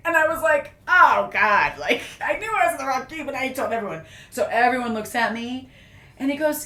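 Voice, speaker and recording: A woman on a podcast, telling a self-mocking story in a casual, animated way and laughing often. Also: on the high side, moderate pace. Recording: echoey room with faint noise.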